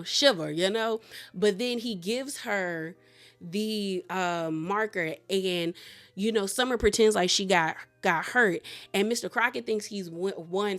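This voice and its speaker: A woman giving a casual, animated movie recap, talking colloquially and laughing at the plot. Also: medium pitch. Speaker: movie reviewer.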